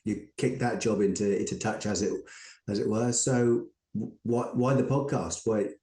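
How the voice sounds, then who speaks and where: A man's voice: fairly low pitch, steady tone, normal speed, mellow. Roomy-sounding man giving short affirmations. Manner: affirming listener, stumbling questions. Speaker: guest host interviewer. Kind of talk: casual interview.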